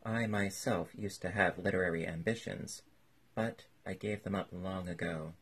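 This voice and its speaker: A man voices a courtly old literary gentleman, formal and polite, in a deep gravelly voice that is heavily husky, read like an old storybook. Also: fairly even intonation, normal speed, heavily acted. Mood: courteous.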